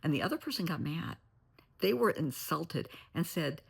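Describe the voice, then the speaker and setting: Gravelly-voiced older woman, blunt and opinionated. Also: low voice, very animated, moderate pace. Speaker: therapist. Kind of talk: casual vlog monologue. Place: lakeside home, indoors, early morning.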